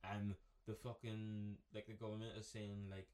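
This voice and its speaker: A man with a fairly low voice chatting loosely on a podcast with a friend. He rambles and jokes, with plenty of swearing. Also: level tone, normal speed, darkish tone. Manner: joking, profane, rambling. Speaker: podcast co-host. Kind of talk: casual chat.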